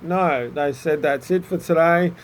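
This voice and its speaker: A man's voice: on the high side, unhurried, slight background noise, low-quality recording. A man giving a casual, encouraging spoken psychic reading to viewers, with many fillers and little acted bits of self-talk. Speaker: psychic reader.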